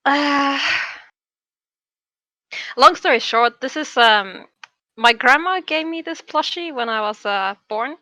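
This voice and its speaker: A woman's voice: high voice, slow, pauses often, bright, forceful tone, no room sound. A woman guest in an online interview, teasing and mock-indignant. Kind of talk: casual video-call interview.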